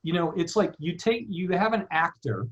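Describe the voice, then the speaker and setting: Slightly high-voiced man on a dull line. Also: lively intonation, normal speed. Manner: rambling, many likes and you knows. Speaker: film director. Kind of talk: casual interview chat. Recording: dull lo-fi sound.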